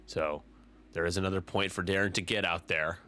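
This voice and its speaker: Deep-voiced, chatty male game commentator. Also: fairly even intonation, brisk, bright, forceful tone, faint music behind. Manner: chatty, rambling, with frequent restarts. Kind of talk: casual stream commentary.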